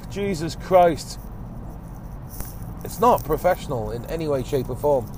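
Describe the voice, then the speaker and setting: A man hosting a one-take podcast from his car, rambling and grumbling with casual swearing and a phlegmy cough. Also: medium pitch. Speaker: podcast host. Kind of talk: rambling one-take chat while driving. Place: inside a car in traffic. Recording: car and road noise behind.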